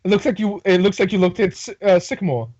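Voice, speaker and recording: A woman's voice: medium pitch, fast talker, slightly rough, dry recording, muffled recording. A woman playing a tabletop game on a stream, chatting casually and laughing often. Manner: giggly, excitable, laughs often.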